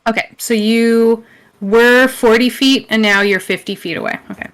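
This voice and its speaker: A woman narrating as game master, casual and chatty. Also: fairly high pitch. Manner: casual, chatty, quick to laugh.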